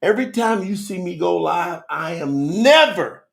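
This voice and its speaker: A man's voice: high voice, expressive, unhurried, vocal fry. A man teaching scripture on a live stream with fervent, preacherly passion, talking straight to his chat viewers.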